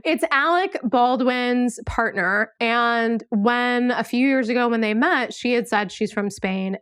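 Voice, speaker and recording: A woman's voice: on the high side, dry recording, clean studio sound. A woman hosting a podcast, chatting casually and animatedly with lots of fillers. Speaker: podcast host. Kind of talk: casual conversational interview.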